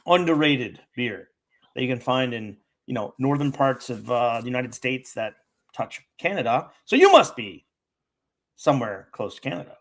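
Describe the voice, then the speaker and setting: A man co-hosting a casual livestream, relaxed and chatty with a playfully formal turn of phrase. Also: medium pitch, moderate pace. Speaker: podcast co-host.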